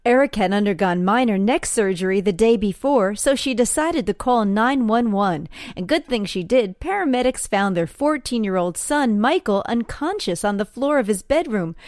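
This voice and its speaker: A woman's voice: medium pitch, normal speed, hardly any pauses, dry recording. Woman reading a dry news report. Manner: even, read-aloud delivery.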